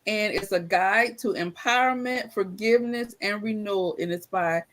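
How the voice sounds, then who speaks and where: A woman's voice: mid-range voice, moderate pace. A woman hosting a casual live-stream chat over a video call, chatty and affectionate, laughing often. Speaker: host.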